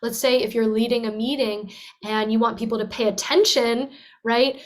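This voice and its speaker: A woman's voice: on the high side, steady tone, moderate pace. A young woman voice teacher explaining and demonstrating with sung and sighed sounds. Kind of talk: teaching talk with vocal demonstrations.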